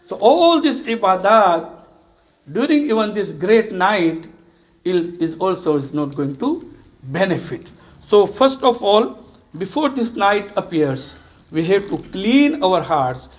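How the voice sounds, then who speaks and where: High-voiced man giving an earnest sermon. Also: expressive, slow pace. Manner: earnest, exhorting, repeats phrases for emphasis. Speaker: imam.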